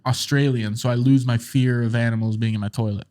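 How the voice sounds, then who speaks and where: A man's voice: mid-range voice, fairly even intonation, fairly quick, darkish tone. Male podcast host, casual, jokey, rambling delivery. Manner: joking, rambling, lots of fillers.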